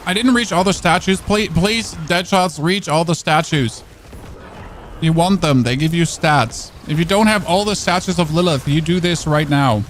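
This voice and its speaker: A talkative man with a German accent gives loose gameplay commentary on stream. He rambles and jokes, trips over and restarts his phrases, and speaks in a slightly higher register. Faint noise sits behind him. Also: moderate pace. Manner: chatty, rambling, jokey, repeats and self-corrects.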